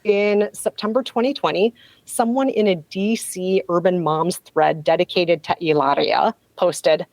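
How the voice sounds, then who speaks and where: Low-voiced woman host telling gossip. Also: a little slow, darkish tone, no echo, poor audio. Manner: gossipy, wry storyteller. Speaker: podcast host. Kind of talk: casual podcast chat, recounting a story.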